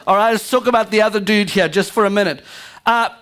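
A woman pastor preaching a live church sermon, energetic and calling out to the congregation. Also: medium pitch, quick pace, clean tone. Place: church sanctuary.

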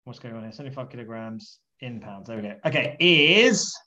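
A man being interviewed as a podcast guest, telling anecdotes in a lively, jokey way with swearing and laughter, in a muffled lo-fi recording. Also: mid-range voice, brisk.

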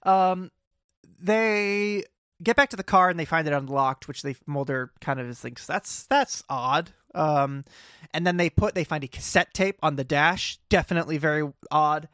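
A man with a somewhat high voice recaps a TV episode in relaxed chat. He drops wry jokes and the odd swear. The sound is dry and close to the mic. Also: normal speed, clear, resonant tone, no room sound. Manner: wry, jokey, casual swearing. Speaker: podcast co-host.

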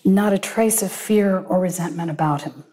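A woman narrating a first-person story in a measured, reflective way. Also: fairly low pitch, dark tone.

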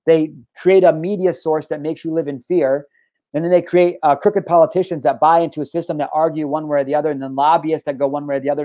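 A man hosting his own podcast, ranting in a heated, profane monologue. His voice sits a little higher than most men's. He keeps circling back and restarting his sentences as he talks. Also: dark tone, no room sound. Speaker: podcast host.

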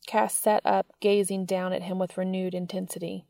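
Gravelly woman reading a story aloud. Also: medium pitch, little pitch movement, normal speed, few pauses, mellow, no room sound, studio quality. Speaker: fiction reader.

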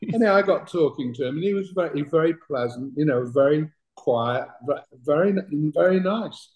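A man's voice: fairly high pitch, expressive, moderate pace, darkish tone, roomy sound, dull audio. An older British man, a talent manager, telling anecdotes as a guest in an interview, chatty and laughing through his stories. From Britain.

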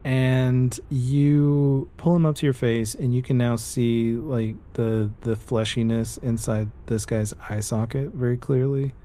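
A man's voice: medium pitch, flat delivery, measured pace, hardly any pauses, warm tone, a little hiss or hum. A man running a tabletop horror game as game master, narrating scenes in vivid detail.

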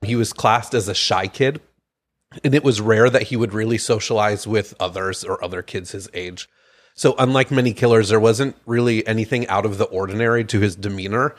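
A man with a slightly low voice tells a crime story to his co-host, half reading from notes. He trips over a name now and then and keeps it chatty. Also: fairly quick. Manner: reads case notes with stumbles over names. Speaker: podcast co-host. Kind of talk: casual chat and read-out case story.

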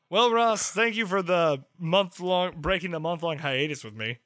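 This male podcast host talks in a bright, somewhat high voice, chatting casually and ribbing his guest. His speech is crowded with "like", and the recording is dry and close. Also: expressive, a little slow, no room sound. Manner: teasing, filler-heavy with lots of "like". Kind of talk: casual chat.

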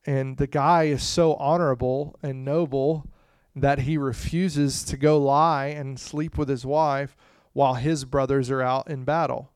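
Smooth-voiced man preaching a sermon. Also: mid-range voice, a little slow, few pauses, dry recording, clean studio sound. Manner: animated, swings from hushed to loud; frequent "you know" asides. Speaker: pastor. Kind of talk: conversational sermon.

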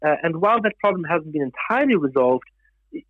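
A man who grew up in Germany, a guest giving thoughtful, measured interview answers with some fillers. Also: on the high side, expressive, dry recording, narrow, tinny audio.

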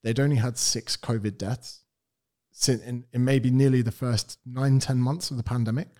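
A man's voice: mid-range voice, steady tone, moderate pace, dark tone. A man from England, a personal trainer guesting on a podcast, talking bluntly and with strong opinions. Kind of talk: casual interview chat.

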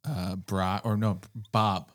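A man's voice: sits low, steady tone, slow pace. A man co-hosting a podcast in casual chat, asking curious questions and often stumbling over his words. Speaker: podcast co-host.

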